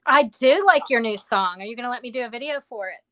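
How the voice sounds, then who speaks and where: A woman's voice: on the high side, fast talker, sharp tone, no echo. A woman co-hosting a livestream, chatty and giggly. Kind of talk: casual chat.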